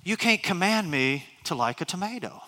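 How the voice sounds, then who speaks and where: A man's voice: sits high, animated, normal speed, pushed and bright, big-room sound. A middle-aged man preaching a sermon as pastor, telling stories with many restarts and asides. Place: large church hall.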